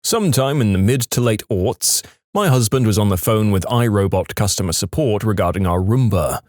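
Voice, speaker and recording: A man reading reader-submitted funny stories aloud as a lively, animated scripted narration. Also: fairly low pitch, moderate pace, no echo, clean studio sound. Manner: lively, animated storytelling delivery. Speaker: story narrator.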